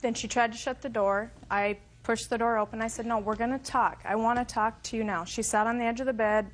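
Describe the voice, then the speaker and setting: A woman's voice: fairly high pitch, steady tone, brisk. A woman plaintiff giving a curt, matter-of-fact account in court. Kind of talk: testimony in court.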